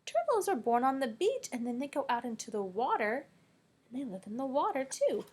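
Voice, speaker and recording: A woman teacher reading a picture book aloud to children, playful and animated, with dramatic gasps and hushed whispered questions. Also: high voice, fairly quick, slightly rough. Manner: drops to whispers when asking questions.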